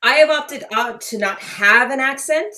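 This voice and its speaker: A woman with a high voice improvises comedy over a video call. She pleads her case earnestly and keeps pressing her point. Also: unhurried, sharp tone. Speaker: improv performer.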